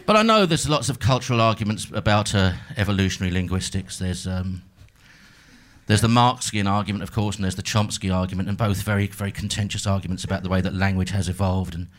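A man's voice: deep voice, fast talker. A middle-aged man doing a stand-up comedy set on a club stage, dry and mock-pompous with sudden bursts of mock outrage. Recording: live gig with clear crowd noise.

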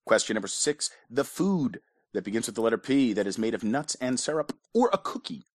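A man's voice: mid-range voice, brisk, no room sound. A man hosting a trivia quiz, reading questions and answers in a casual way with wry asides. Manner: wry asides, dry jokes between questions. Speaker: pub quiz host.

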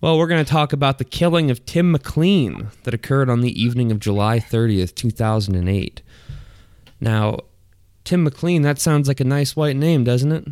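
A man's voice: medium pitch, normal speed, darkish tone, clean tone, no room sound, clean studio sound. Crude, laughing podcast host man. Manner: crude, profane, laughs often while talking. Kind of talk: casual podcast chat.

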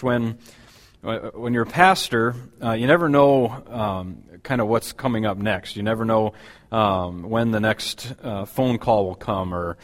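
Halting, conversational male pastor preaching. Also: lowish voice. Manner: conversational, halting with many fillers and restarts. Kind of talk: sermon. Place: church.

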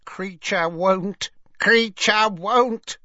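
House elf, old, male, croaking, spiteful, high strained, audiobook, slightly muffled. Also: drawn-out words, bright, forceful tone, dry recording, heavily acted. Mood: stubborn. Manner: stubborn, repetitive chanting. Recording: slightly dull, dry audiobook recording.

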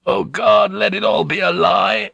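A man voicing an exhausted, dazed male ship's pilot who speaks haltingly in an audiobook. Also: medium pitch, a bit bright, husky, no echo, lo-fi sound. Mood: anguished. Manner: halting, strained, desperate.

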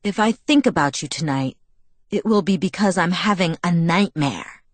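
A woman reading the lines of a furious teenage girl in an audiobook, with sharp, angry retorts. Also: lowish voice, lively intonation, normal speed, no room sound. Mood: cold. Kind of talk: audiobook dialogue.

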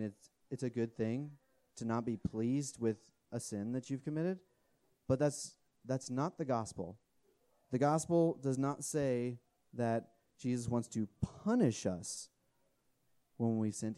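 Guy in his 30s preaching, mellow warm tone, talky and earnest, keeps saying okay. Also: medium pitch. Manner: earnest, conversational, often restarts and asks "okay?". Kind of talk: sermon.

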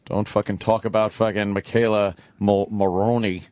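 A man's voice: on the low side, little pitch movement, normal speed, darkish tone, no room sound. A man hosting a radio talk show, bantering bluntly and profanely and mocking the people he talks about. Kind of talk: crude casual radio banter.

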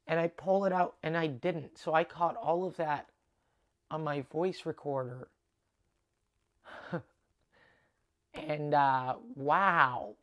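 Taking it slowly with long pauses, a young Canadian man with a fairly high voice hosts a podcast. His casual monologue is a long, rambling, animated story, full of swearing and quoted dialogue he performs.

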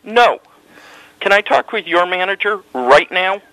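A man calling a hotel desk with a complaint, measured, deliberate and insistent. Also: high voice, lively intonation, sharp tone, no echo, rough recording. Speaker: hotel guest caller. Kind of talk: phone complaint.

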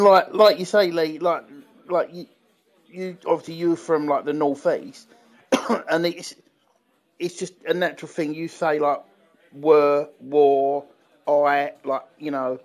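A man's voice: a little high, darkish tone. A man co-hosting a podcast in casual chat, rambling with many restarts and fillers. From England. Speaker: podcast co-host. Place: London.

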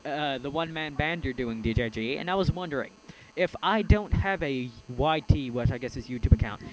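A man hosting a casual podcast, rambling and hesitant with many fillers while he answers listener questions. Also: a little high. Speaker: podcast host. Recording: steady mains hum behind the voice.

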